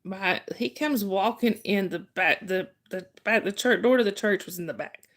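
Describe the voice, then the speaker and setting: A woman's voice: mid-range voice, normal speed, fairly bright tone. Chatty woman streamer. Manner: chatty, laughs often, restarts sentences. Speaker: livestream host. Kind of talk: casual live chat storytelling.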